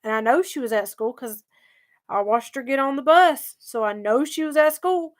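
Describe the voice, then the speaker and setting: A woman vlogger with a high-pitched voice tells her viewers a story at normal speed. She's chatty and emphatic, circling back over the same points in this casual storytelling vlog.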